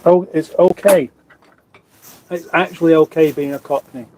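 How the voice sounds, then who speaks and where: Reading viewers' comments aloud, a Surrey-born Englishman hosts a casual live stream from his kitchen at home, using a phone on a stand. He is rambling and self-deprecating, speaking at normal speed in a fairly high, slightly mellow voice with fairly even intonation. A little hiss or hum can be heard.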